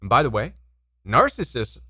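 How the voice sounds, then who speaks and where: This man's mid-range voice swoops wildly in pitch, bright and forceful with a breathy edge, at a normal speed. He offers relationship coaching direct to camera, emphatic, repeating words and questioning viewers, in studio quality with no echo.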